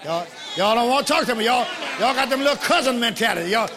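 A man pastor, preaching in shouts and leading the church in loud laughter during a live service. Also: extremely high pitch, animated, fast talker. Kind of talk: shouted charismatic sermon. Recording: live church recording with loud crowd and noise. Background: congregation noise.

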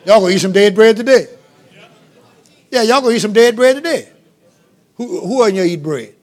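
A man preaching a lively call-and-response sermon to a congregation, shouting some lines and dropping others to a low murmur. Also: normal speed. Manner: sings out phrases, shouts and drops to low murmurs, laughs with the congregation. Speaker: pastor.

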